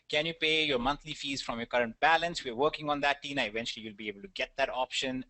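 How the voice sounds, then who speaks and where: A man hosting a webinar, answering viewers' questions in a brisk, reassuring and joking way over an online call mic. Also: mid-range voice, pushed and bright, no room sound. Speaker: webinar host.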